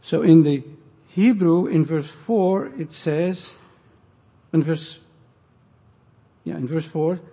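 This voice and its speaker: A man preaching an expository sermon, deliberately explaining scripture and the Greek and Hebrew words. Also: on the high side, steady tone, mellow, breathy edge. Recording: muffled, echoey hall recording.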